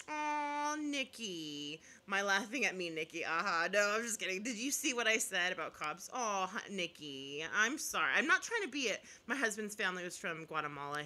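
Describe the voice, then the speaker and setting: A woman's voice: lowish voice, pushed and bright. A woman YouTuber in casual live chat, reading viewer comments and giving blunt opinions, laughing often and apologizing half-jokingly.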